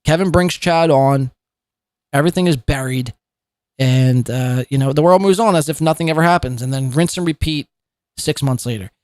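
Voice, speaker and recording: A man's voice: a little high, normal speed, a little mellow, no echo. A man hosting a live commentary podcast, talking in a profane, mocking and rambling way. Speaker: podcast host.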